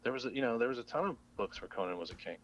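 A man's voice: medium pitch, animated, racing, fairly bright tone, dull audio. A man co-hosting a casual movie podcast, enthusiastic and rambling. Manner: enthusiastic, rambling, many fillers and swearing. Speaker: podcast co-host.

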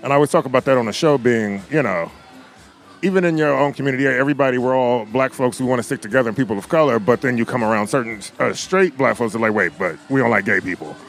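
A man being interviewed, telling stories in a lively way and acting out other people's lines. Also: quick pace, faint music behind. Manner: animated storyteller, acts out quotes in a higher voice. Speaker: podcast guest. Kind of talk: casual interview chat.

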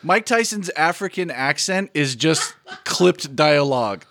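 Gravelly higher-voiced man with dry wit. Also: animated, unhurried, a bit bright. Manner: dry wry humor, jokey asides. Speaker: podcast co-host. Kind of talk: casual movie review chat.

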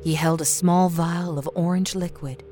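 A woman storyteller narrating a horror story in a steady, expressive reading. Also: fairly low pitch, moderate pace. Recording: narration over a faint music score.

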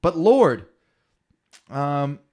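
A man's voice: on the high side, sing-song, very slow, darkish tone. Man reading scripture aloud, then riffing. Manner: reads verses aloud in a raised voice, then riffs loosely. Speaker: podcast co-host reading scripture. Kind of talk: casual comedic chat.

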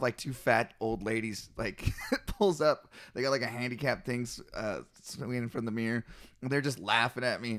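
A man's voice: mid-range voice, dry recording. A young man in casual chat, telling stories with lots of swearing and laughter, co-hosting a conversation. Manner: swearing, animated storytelling with laughs. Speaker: co-host.

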